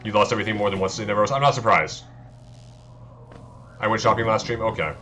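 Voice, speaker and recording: A man's voice: fairly low pitch, steady tone, fast talker, sharp tone, soft background music. A man streaming a video game, chatting casually and poking fun at his own play while answering his viewers. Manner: self-deprecating, talks to chat. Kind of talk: casual let's-play chat.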